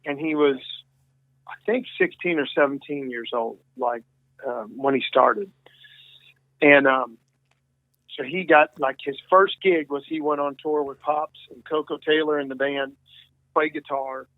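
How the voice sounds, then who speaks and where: Male interview guest, rambling storyteller, dry phone-line audio, slightly higher voice. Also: a little slow, long pauses, dry recording. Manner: rambling, many restarts and quoted dialogue. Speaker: guest musician.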